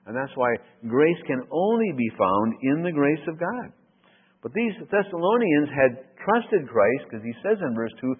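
Earnest preacher on tinny radio. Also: male voice, on the high side, sing-song, unhurried, breathy edge. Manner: earnest, repeats phrases for emphasis, asks and answers questions. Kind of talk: expository sermon. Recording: tinny phone-like radio broadcast in a hall.

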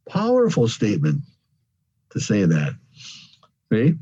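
A man leads an evening Bible study in a mellow, slightly husky voice. He explains each word carefully, repeats himself, and stresses the phrases that matter. The sound is dull and lo-fi. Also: medium pitch, wildly swooping pitch, normal speed, pauses often. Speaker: Bible teacher. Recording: dull lo-fi recording.

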